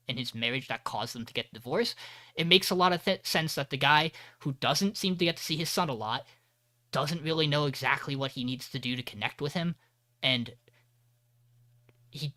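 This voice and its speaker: A man co-hosting a podcast, retelling an episode in a casual, animated way and acting out the characters' lines with restarts and swearing. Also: fairly high pitch, no room sound. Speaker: podcast co-host. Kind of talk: casual recap of an anime episode.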